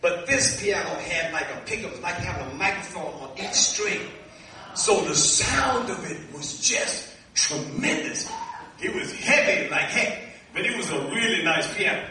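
A man preaching a sermon, a lively storyteller who acts out dialogue and laughs along the way. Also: sits high, measured pace, slight background noise. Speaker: minister. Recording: echoey hall from a distance.

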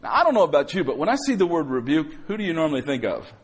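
A man's voice: fairly high pitch, sing-song, racing, husky. A man pastor preaching a sermon to his congregation, calling out for amens and acting out quotes. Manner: calls for amens, acts out quotes. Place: church sanctuary.

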